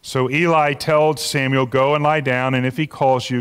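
A man preaching a sermon as pastor, animated, repeating words as he builds to a point. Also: medium pitch, normal speed, few pauses, clear, resonant tone. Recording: long hall reverb.

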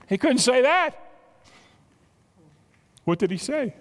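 A man with a South Jersey accent preaching a sermon, animated and exclamatory, full of rhetorical questions. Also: extremely high pitch, unhurried, pauses often, big-room sound. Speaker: pastor.

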